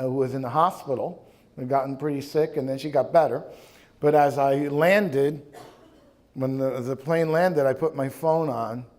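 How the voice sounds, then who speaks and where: A man's voice: mid-range voice, dark tone. A man in his fifties from the New York area, a bishop telling wry personal stories to a live audience with plenty of ums and uhs. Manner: wry anecdotal storytelling, many ums and uhs. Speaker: bishop, guest speaker. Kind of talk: storytelling talk to a young adult audience. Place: live talk event before an audience.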